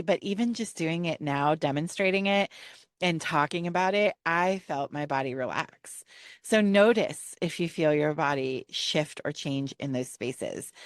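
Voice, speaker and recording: A woman's voice: sits low, no echo. Encouraging woman therapist, dry close sound. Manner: conversational and encouraging, with frequent "right?" and "you know". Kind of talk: faith-based talk on trauma healing.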